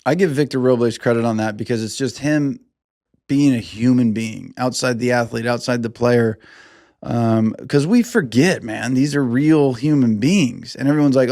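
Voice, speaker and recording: A man hosting a sports podcast in casual, profane commentary, acting out players in quick put-on voices. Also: mid-range voice, a little mellow, dry recording, clean studio sound. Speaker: podcast host.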